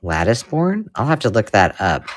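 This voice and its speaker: This middle-aged woman hosts a live unboxing of vintage paper for her craft channel. Her voice is lively, swooping high and low as she gushes over each find. She drifts between chatty excitement and hushed, awed murmurs. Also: normal speed, slight background noise. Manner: excitable, gushing, drops to hushed whispers. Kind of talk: casual live unboxing chat.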